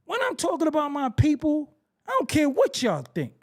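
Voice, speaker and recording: A man's voice: extremely high pitch, wildly swooping pitch, moderate pace, darkish tone. A man hosting a podcast, ranting in heated commentary, hammering phrases again and again and firing rhetorical questions. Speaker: podcast host.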